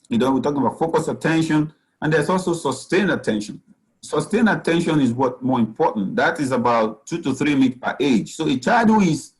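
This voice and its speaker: A man's voice: a little high, a little mellow, poor audio. A man, a physician speaking as guest at a parenting talk, giving earnest advice and often saying "you know.". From Nigeria.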